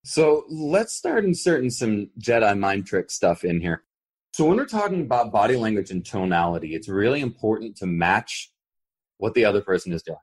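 Male podcast host, low and husky, swings his pitch a lot while explaining. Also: normal speed. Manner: animated, demonstrates voices while explaining.

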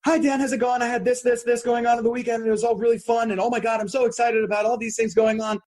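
A man imitating a bubbly, excited young woman friend who gushes in a breathless rush of words. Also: extremely high pitch, quick pace, pitched above the performer's own voice. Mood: gushing.

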